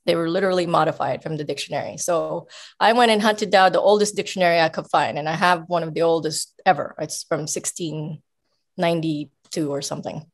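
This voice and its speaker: A woman guest coach giving casual advice, explaining in an emphatic, animated way. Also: low voice, a little fast.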